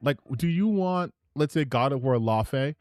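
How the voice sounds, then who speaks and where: A man hosts a live stream, talking over clips in loose reaction commentary. He rambles, restarts his sentences and keeps his pitch bouncing around. The sound is dry and close, with no room around it. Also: normal speed, no room sound. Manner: animated and rambling, with many restarts. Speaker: streamer host.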